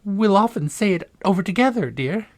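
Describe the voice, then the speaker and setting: A man voicing a fussy, anxious, muddled old queen in a high, fluttering voice while reading a storybook aloud. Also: lively intonation, a little fast, darkish tone. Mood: flustered.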